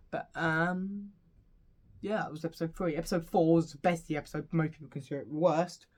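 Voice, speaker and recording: A man's voice: fairly high pitch, a little fast, darkish tone. Rambling British man reviewing a show. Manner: rambling, full of fillers and asides. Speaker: home-video reviewer.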